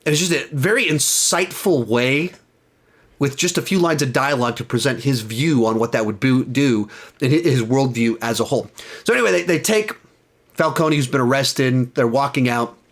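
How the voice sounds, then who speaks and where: A man's voice: medium pitch, moderate pace. A young man giving a casual, rambling film review, retelling scenes and often correcting himself mid-sentence.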